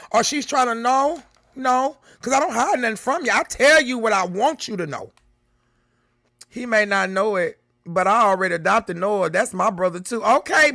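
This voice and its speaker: A woman's voice: fairly high pitch, fairly bright tone, dry recording, studio quality. A middle-aged woman hosting a live reaction stream, chatting casually with viewers and reading the chat aloud, laughing often. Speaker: livestream reaction host.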